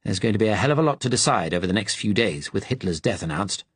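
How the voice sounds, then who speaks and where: A man's voice: lowish voice, animated, fast talker, husky, dry recording. A man voicing a weary, firm male resistance captain.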